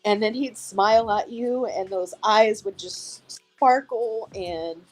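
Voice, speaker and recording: A woman's voice: a little high, slow pace, darkish tone, rough recording. A woman speaking as a guest in a casual interview, talking in a heartfelt, reminiscing way.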